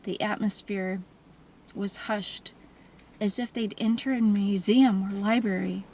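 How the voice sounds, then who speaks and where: A woman narrating a novel in a calm, even storytelling manner. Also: mid-range voice, unhurried, slight background noise, rough recording. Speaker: audiobook narrator.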